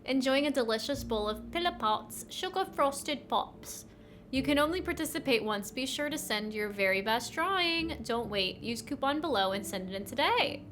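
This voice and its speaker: This is a bouncy, over-the-top cereal commercial pitch put on by a woman with a playful fake accent. The voice sits higher than an everyday speaking voice and drawls slowly. A faint hiss runs under the recording. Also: animated, a bit bright. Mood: peppy. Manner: slow, sing-song, over-the-top sales pitch. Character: peppy cereal-box announcer with a put-on accent.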